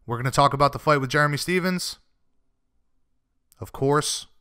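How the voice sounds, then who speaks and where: A man's voice: fairly high pitch, normal speed, bright, forceful tone, clean tone. A man hosting a sports radio show, chatting easily with his guests and laughing along.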